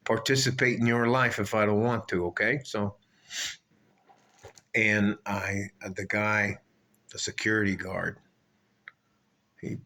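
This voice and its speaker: A man's voice: lowish voice, steady tone, slow, pauses often, bright, forceful tone. An older man telling a rambling, profane story in a casual rant, often trailing off and circling back. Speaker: vlogger.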